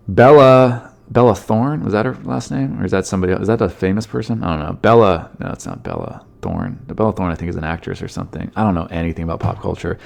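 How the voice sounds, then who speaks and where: Lowish voiced guy rambling thru weird news on his comedy podcast, swears a lot. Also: animated, fast, gravelly, few pauses. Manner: rambling, jokey, swears freely. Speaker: podcast host.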